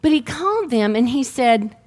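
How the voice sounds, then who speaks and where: A middle-aged woman, preaching a sermon and telling her own healing testimony in a lively storytelling way. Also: on the high side, normal speed.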